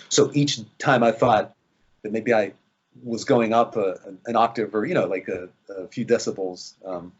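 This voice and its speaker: A man's voice: fairly low pitch, normal speed, breathy edge, dull audio. A man, an actor, chatting in an interview, rambling with lots of fillers and restarts. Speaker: actor guest. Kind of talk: casual interview chat.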